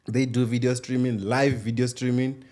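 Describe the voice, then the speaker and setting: A man's voice: mid-range voice, little pitch movement, normal speed, darkish tone. A man hosting a podcast in a studio, chatting playfully and mixing English with Tshivenda. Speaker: podcast host. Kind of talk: casual chat.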